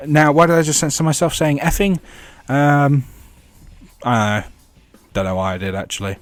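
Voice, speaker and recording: A man's voice: mid-range voice, animated, normal speed, dry recording. A man giving blunt, rambling game commentary with wry asides. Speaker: gaming YouTuber.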